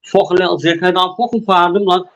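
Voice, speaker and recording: A man's voice: high voice, fairly even intonation, fast, fairly bright tone. A man calling in to a live stream, arguing and throwing insults and threats. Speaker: caller on a live stream panel. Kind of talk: heated argument.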